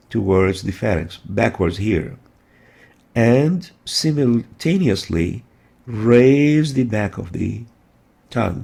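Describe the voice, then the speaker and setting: A man gives a methodical pronunciation lesson and drills each sound by repeating it. His voice is gravelly and husky, with a dark, mellow tone. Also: fairly low pitch. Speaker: Arabic pronunciation teacher. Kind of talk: instructional lesson.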